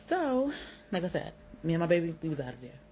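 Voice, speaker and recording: She's a young Brooklyn woman with a New York accent, her voice on the low side and mellow, swinging widely in pitch at a quick pace. Her personal story comes out candid and slangy, with free swearing and constant "like" fillers. The recording is low-quality, with a faint hiss or hum.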